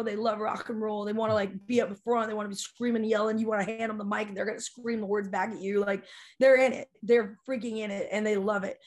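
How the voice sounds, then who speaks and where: A woman from South Dakota, a rock singer, telling stories as a guest in a casual, animated way, with lots of "like" fillers. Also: mid-range voice. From South Dakota, USA. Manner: animated, chatty, many "like" fillers. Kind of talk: casual storytelling in conversation.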